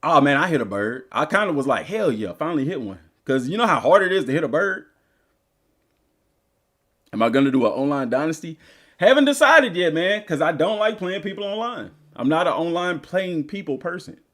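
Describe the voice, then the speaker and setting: A man's voice: fairly high pitch, very animated, brisk, fairly bright tone. A male gaming streamer chatting casually and rambling through stories while he plays. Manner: rambling, loose storytelling. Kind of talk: casual live-stream chat.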